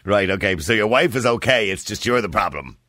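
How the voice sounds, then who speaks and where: A man's voice: on the low side, lively intonation, fairly quick, pushed and bright, no echo. A man hosting a call-in radio show, joking and laughing often with callers. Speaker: radio host.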